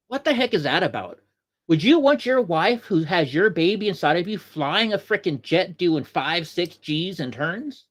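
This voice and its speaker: Man, livestream host, heated rambling commentary, talks to chat, high voice, big swoops in pitch. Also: animated, moderate pace, fairly bright tone. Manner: rambling, heated, repeats himself; chats with viewers in chat.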